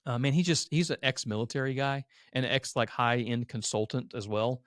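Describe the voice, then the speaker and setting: A man's voice: medium pitch, normal speed, no room sound. Earnest guy in his 30s telling his story on a podcast, emotional, self-described crier, dry sound. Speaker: guest, agency owner. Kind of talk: candid conversational storytelling.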